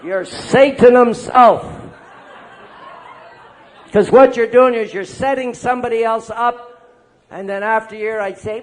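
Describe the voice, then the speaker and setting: An older man, a priest speaking at a recovery meeting, telling lively stories and checking in with the crowd as he goes. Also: very high-pitched, unhurried, pauses often. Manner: lively storyteller, acting out quoted voices. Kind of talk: recovery meeting talk to an audience.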